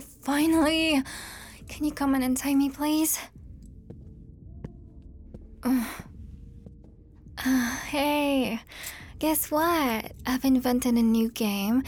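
A young woman performing an audio role-play to the listener, sarcastic and profane, often dropping into a breathy whisper. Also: high-pitched, a little hiss or hum.

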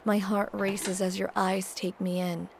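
A woman narrating a first-person audio role-play in a soft, hushed, shaky and tearful way. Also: mid-range voice, little pitch movement, a little slow, vocal fry, background noise. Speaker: storyteller.

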